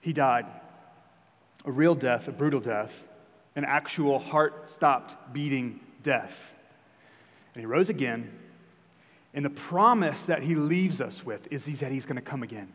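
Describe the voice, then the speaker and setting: A man's voice: medium pitch, a little slow, long pauses. A young adult man preaching a sermon as pastor, conversational with emphatic rises. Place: church sanctuary. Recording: long hall reverb.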